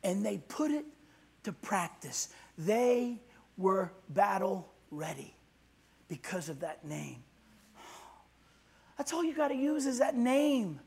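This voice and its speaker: A male pastor preaching a sermon in a strikingly high voice. His tone is husky and a little breathy. He drives his points home with emphasis and calls for responses from the people in front of him. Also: big pitch swings, slow pace, pauses often, darkish tone.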